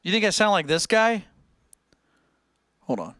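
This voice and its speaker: Joking guy streaming, really high bright voice, dry sound. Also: very animated, a little slow, no echo. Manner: joking, laughs a lot. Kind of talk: casual chat.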